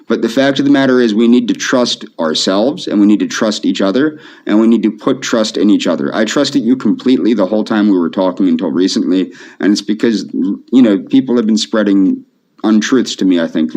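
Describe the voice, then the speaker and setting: A man speaking softly to camera in a pleading, repetitive, emotionally flat way. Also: mid-range voice. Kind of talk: pleading video monologue. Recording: dull lo-fi video audio.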